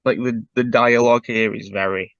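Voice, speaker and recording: A man's voice: lowish voice, steady tone, moderate pace, fairly bright tone, no room sound, lo-fi sound. A man, co-hosting a podcast in casual chat and analysing a cartoon with many fillers. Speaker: podcast co-host.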